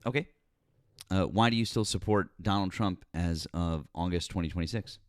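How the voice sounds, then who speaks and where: A man's voice: low-pitched, moderate pace, dry recording, studio quality. A middle-aged man hosting a live-stream call-in show, rambling and often apologizing with a self-deprecating manner. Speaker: host.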